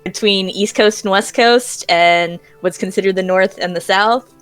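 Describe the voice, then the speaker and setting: Lively woman chatting on a roundtable. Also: mid-range voice, a little slow, smooth, faint music behind. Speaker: guest streamer. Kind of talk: casual roundtable chat.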